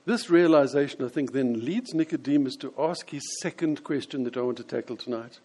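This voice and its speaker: A man preaching a sermon, explaining scripture and acting out quoted voices with lively changes. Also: medium pitch, brisk, husky. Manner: animated, acts out quoted voices.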